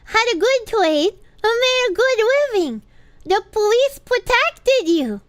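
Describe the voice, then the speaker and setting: A woman streamer putting on a grave older male mob boss, reciting slowly and solemnly. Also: extremely high pitch, big pitch swings, dry recording, clean studio sound, voice pushed up, exaggerated voice.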